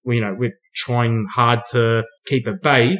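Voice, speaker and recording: A man's voice: mid-range voice, steady tone, a little slow, fairly bright tone. A man chatting casually about a film as a podcast co-host, rambling and sweary.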